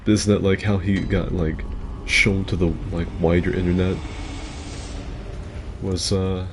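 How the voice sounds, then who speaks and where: A man's voice: low-pitched, little pitch movement, unhurried, long pauses, slight background noise. A man rambling casually as he comments on his own gameplay, with loose filler-heavy talk and swearing. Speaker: gaming streamer.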